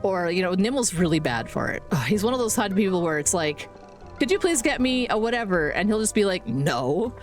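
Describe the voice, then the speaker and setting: A woman's voice: medium pitch, very animated, a little fast. A woman in her forties chatting casually on a live game stream, rambling, swearing casually and laughing often. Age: 40s. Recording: faint music behind.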